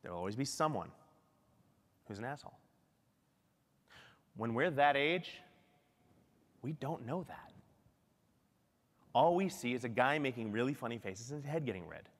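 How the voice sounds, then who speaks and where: A middle-aged man giving a lively, self-deprecating keynote talk at a conference. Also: medium pitch, normal speed, pauses often, big-room sound. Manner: animated, self-deprecating storytelling. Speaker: keynote speaker. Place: large conference hall.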